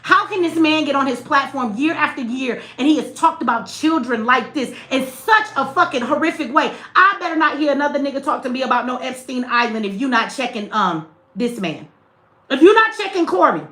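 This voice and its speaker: A woman's voice: high-pitched, expressive, a little fast, sharp tone, echoey room. A woman hosting a livestream, talking bluntly to her chat with plenty of cursing. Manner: blunt, profane, talks straight to chat. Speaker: livestream host. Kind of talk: livestream commentary.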